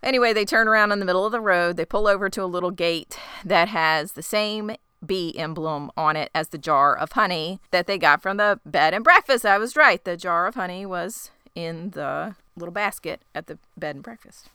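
Woman podcast host retelling an episode, smooth clear voice, laughing a lot. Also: on the low side, moderate pace, few pauses, bright, forceful tone, no echo, studio quality. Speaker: podcast co-host recapping a TV show. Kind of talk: casual chat recap.

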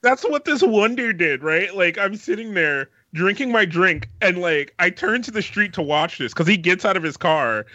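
A man co-hosting a casual podcast, telling a story in an animated way. His voice sits high and bright and swings widely, recorded dry with a slightly muffled, lo-fi sound. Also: moderate pace, hardly any pauses, no echo. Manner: animated storytelling with swearing and laughter. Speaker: podcast co-host. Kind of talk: casual chat.

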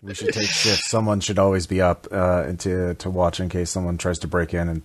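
A man playing a tabletop game, speaking in character in a halting way, often repeating words as he searches for them. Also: deep voice, level tone, no echo. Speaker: player.

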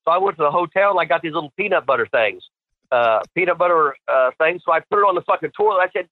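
A man's voice: fairly high pitch, lively intonation, fast talker, no room sound. Foul-mouthed older man on a phone line. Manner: profane, rambling and laughing through stories. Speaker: guest, retired wrestler and trainer. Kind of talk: casual storytelling interview.

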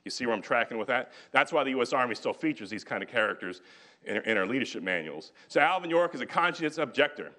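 A man's voice: mid-range voice, quick pace. A man giving a storytelling history lecture in a lecture hall, acting out the quotes as he goes. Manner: animated storyteller who acts out quotes.

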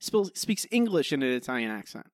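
A sing-song, brisk mid-range voice belongs to this man co-hosting a podcast. He critiques an episode casually and ramblingly, full of fillers and restarts, recorded with clean studio sound and no room sound.

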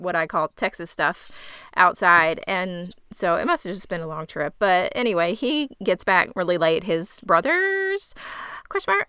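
A woman co-hosting a casual chat, retelling a story with sarcastic, animated asides. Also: on the low side, clear, resonant tone, dry recording, clean studio sound. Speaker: podcast co-host recapping a film.

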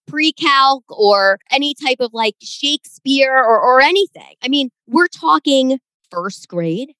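A woman's voice: sits high, expressive, a little slow, pushed and bright, no echo, low-quality recording. A middle-aged woman co-hosting a casual podcast, emphatic and exasperated as she complains about grammar slips. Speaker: podcast co-host.

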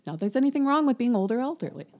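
A woman's voice: on the high side, big pitch swings, very fast, darkish tone. A young adult woman co-hosting a podcast, chatting casually about a book with frequent ums and easy laughs. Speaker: podcast co-host.

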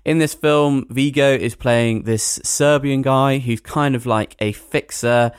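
A man hosting a podcast, reviewing a film in a rambling, animated way with plenty of hedging fillers. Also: mid-range voice, takes it slowly, clear, resonant tone, no room sound, studio quality. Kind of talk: casual podcast chat.

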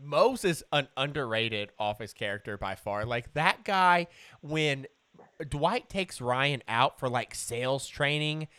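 A man's voice: mid-range voice, slow, smooth, dry recording. A man hosting a podcast in casual chat, retelling stories with laughs and swearing. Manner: animated storytelling, swears, laughs a lot. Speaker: podcast host.

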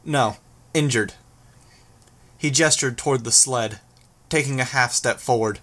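A man reading a first-person action novel as an audiobook, with a steady, even delivery. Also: mid-range voice, normal speed. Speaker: audiobook narrator.

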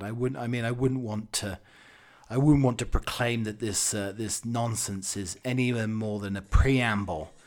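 A British man hosting a solo podcast, rambling cheekily and mocking himself. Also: mid-range voice. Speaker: podcast host.

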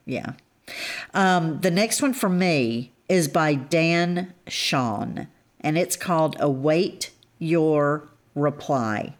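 A woman co-hosting a casual book chat, measured and thoughtful, gently teasing. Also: low voice, animated. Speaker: co-host.

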